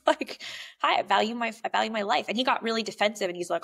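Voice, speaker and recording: Brief: woman guest, frank and animated, swears freely, a gravelly edge to her voice. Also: medium pitch, brisk. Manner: animated, candid, swears freely, acts out quoted speech. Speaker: podcast guest, poet and coach. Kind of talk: casual conversational interview. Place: lives in a small coastal town in California.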